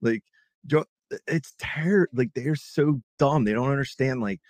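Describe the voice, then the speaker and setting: A man's voice: medium pitch, measured pace, darkish tone, dry recording. Profane ranting man, dry sound. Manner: profane, rambling rant with many fillers and restarts. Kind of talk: casual political chat.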